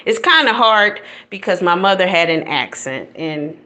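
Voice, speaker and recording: A woman's voice: fairly low pitch, lively intonation, normal speed, bright, forceful tone. Sassy Southern-accented woman chatting live. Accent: Southern American. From northern United States. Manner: sassy, playful, talks back to her chat. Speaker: live-stream comedy host. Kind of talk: casual live-stream chat with viewers. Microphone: phone held in hand.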